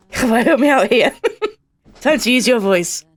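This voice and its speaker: A woman player in a tabletop game, slightly high and very lively in pitch. She talks slowly and teases the group between laughs. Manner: laughing, teasing.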